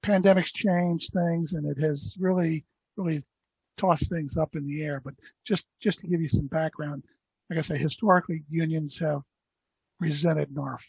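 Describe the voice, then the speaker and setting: A man adding a comment on a meeting call, measured and stressing key words. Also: on the high side, fairly even intonation, creaky, a little mellow, slightly rough, no echo, low-quality recording. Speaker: association member on a call.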